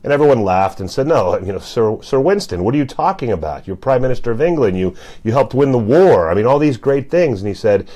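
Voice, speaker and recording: A man with a lowish, mellow voice gives a motivational talk straight to camera. He talks in a loose, conversational way, leaning on "you know" and "uh" as he works through his points. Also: expressive, brisk. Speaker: motivational speaker.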